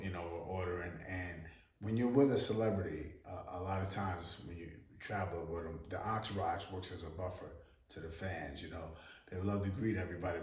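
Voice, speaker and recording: A man's voice: low-pitched, roomy sound. A man hosting a casual story-time vlog, telling an anecdote in a loose way with many fillers and stammered restarts. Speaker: host.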